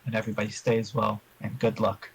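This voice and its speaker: A man answering interview questions about his tabletop game in a measured, explanatory way, giving advice to other players. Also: lowish voice, completely flat delivery, slightly rough, low-quality recording.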